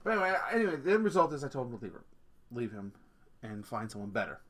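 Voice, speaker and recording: This podcast host is a Canadian man in his forties with a mid-range voice that moves fast and swings widely in pitch. His talk is a casual storytelling rant, full of laughter and easy profanity.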